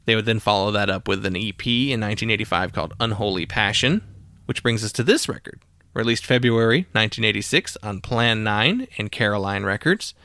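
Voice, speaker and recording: A podcast host with a lowish, bright, forceful voice rambles about old records in a solo music monologue. He's casual, using frequent fillers and wandering asides. The audio is clean and studio quality with no echo.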